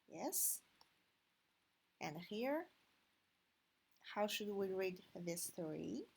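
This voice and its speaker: A woman whose first language is Chinese, teaching pronunciation and tones, drilling each sound slowly and deliberately. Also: medium pitch, sing-song, gravelly, husky. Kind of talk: slow pronunciation lesson.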